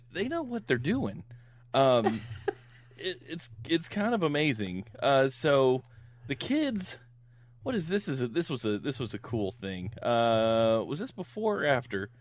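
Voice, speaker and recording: A man's voice: mid-range voice, a little slow, dry recording. A man guesting on a podcast, retelling a film plot in casual chat, acting out the characters' lines and laughing often. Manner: animated storyteller who acts out the characters' lines; laughs often while talking.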